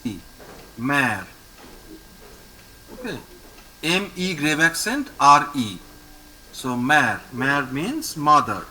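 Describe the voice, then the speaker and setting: Patient, slow-talking teacher with a lively high voice. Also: male voice, slight background noise, poor audio. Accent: Indian English. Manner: patient, repeats each word slowly for the student. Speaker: French teacher. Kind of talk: online language lesson. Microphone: video call.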